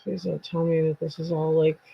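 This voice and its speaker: A woman's voice: sits low, flat delivery, fairly quick, creaky, husky, lo-fi sound. A woman hosting a casual true crime livestream from her computer desk, chatting bluntly with viewers and swearing freely. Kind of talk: casual live-stream chat with viewers.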